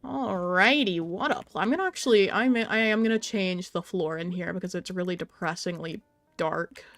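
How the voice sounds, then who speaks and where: A woman's voice: fairly low pitch, moderate pace, fairly bright tone, soft background music. A young adult woman hosting a casual live stream, chatting while she plays and answering her viewers' messages aloud.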